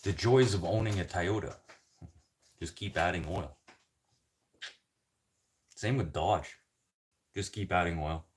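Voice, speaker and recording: A man's voice: sits low, takes it slowly, long pauses, a little hiss or hum. A man from the Canadian prairies chatting casually in a rambling, joking way, swearing constantly. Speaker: vlogger.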